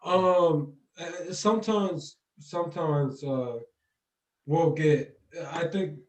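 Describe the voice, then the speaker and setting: A young man, the guest's son, talking in a halting way with many fillers. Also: a little high, a little hiss or hum. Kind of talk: casual chat. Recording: roomy, distant from the mic.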